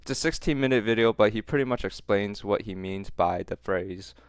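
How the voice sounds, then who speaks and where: Casting: male commentary host, smooth and crisp, close dry sound, teasing, laughs a lot. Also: on the low side, fairly quick, no echo. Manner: mocking, laughs often, repeats phrases for effect. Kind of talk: reaction commentary.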